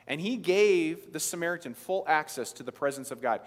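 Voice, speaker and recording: A man's voice: on the high side, animated, moderate pace. A man, preaching a sermon in an emphatic, conversational way with frequent restarts. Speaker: pastor. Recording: long reverb of a large hall.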